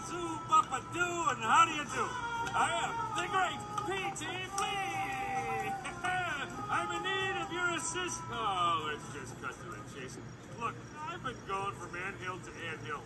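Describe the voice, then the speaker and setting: An actor playing a greedy, fast-talking bug circus boss with showman patter, heard from a distant film clip under loud music. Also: very high voice, lively intonation. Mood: boastful.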